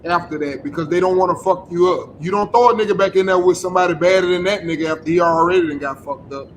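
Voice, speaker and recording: A man with a high-pitched voice, speaking on a casual panel in an emphatic, preachy way. He repeats his points for weight and swears freely. Faint background noise runs under his voice. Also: quick pace. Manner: emphatic, preachy advice, profane.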